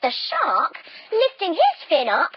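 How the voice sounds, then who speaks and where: A woman leading a children's yoga lesson as a story, playful and animated, with silly sound effects. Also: very high-pitched, slow, lo-fi sound. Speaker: kids yoga teacher.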